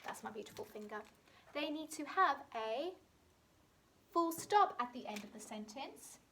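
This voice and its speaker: A woman with a British accent teaching a phonics lesson to young children, sounding out words clearly and slowly. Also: sits high, expressive, a little hiss or hum. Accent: British English. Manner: slow, clearly sounded-out words with bright emphasis. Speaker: primary school teacher.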